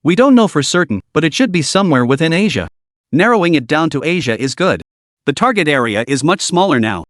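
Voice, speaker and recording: Solemn apologetic gang chairman, voiced by a man, lively pitch, dry recording. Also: fairly quick, no room sound. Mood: deferential. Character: deferential middle-aged male gang chairman.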